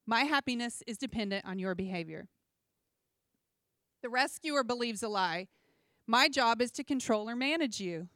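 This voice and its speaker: A young adult woman preaching a sermon in a chatty, animated way, full of personal asides and humor. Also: a little high, moderate pace, pauses often, clean tone, no echo, clean studio sound. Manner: conversational and animated, with asides and self-deprecating humor.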